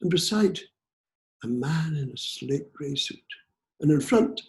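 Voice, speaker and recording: An older Scottish man telling a traditional folk tale in an unhurried, rhythmic way with repetitions, in a living room. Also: fairly high pitch, lively intonation, creaky. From Scotland. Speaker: storyteller.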